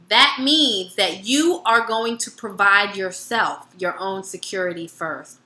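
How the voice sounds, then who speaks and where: Bright, animated woman teaching wellness. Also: fairly high pitch, roomy sound. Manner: animated, acts out both sides of dialogues. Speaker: wellness educator. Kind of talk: casual teaching with personal stories.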